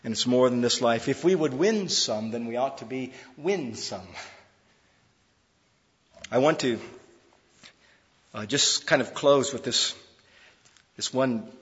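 A man preaching a sermon in an emphatic, conversational way, swinging between loud, pressing lines and hushed ones, with frequent fillers. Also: mid-range voice, expressive, slow, long pauses, big-room sound, highs cut off. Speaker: pastor.

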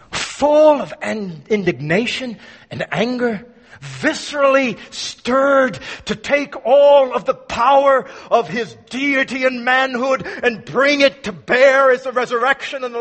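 Man preaching, high voice, slow deliberate delivery, dramatic rises and hushed drops, church hall echo. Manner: dramatic, swings between loud emphasis and hushed low tones. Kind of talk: sermon.

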